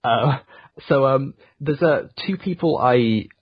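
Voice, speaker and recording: A man's voice: mid-range voice, slow pace, breathy edge, dry recording. A young man from Yorkshire with a generic southern English accent, talking in a rambling, self-deprecating way full of fillers as an interview guest over a muffled remote call. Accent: generic southern English, not Yorkshire. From Yorkshire, England. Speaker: video essayist guest. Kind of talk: casual interview conversation.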